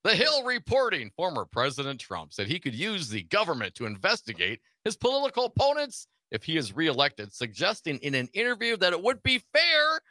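A man's voice: on the high side, huge pitch swings, brisk, few pauses, pushed and bright, dry recording. A man co-hosting a casual political talk radio show, laughing often and reading news items aloud. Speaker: radio co-host.

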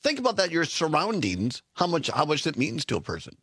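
A man's voice: on the high side, huge pitch swings, brisk, bright, forceful tone, slightly rough, no echo, studio quality. A man hosting a podcast, chatting casually, laughing and often saying "I mean". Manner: giggly, keeps saying "I mean". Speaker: podcast host. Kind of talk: casual chat.

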